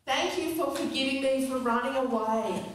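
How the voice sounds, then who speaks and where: A woman's voice: high-pitched, moderate pace, noisy background, natural voice. A woman voicing an angry, bitter male prophet, with indignant, pleading outbursts. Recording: echoey hall, distant mic.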